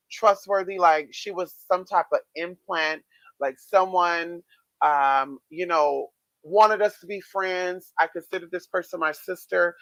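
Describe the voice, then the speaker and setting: High-voiced man telling a story. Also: no room sound. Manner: chatty, expressive, swears freely, many fillers. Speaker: vlogger. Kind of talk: casual storytelling to viewers.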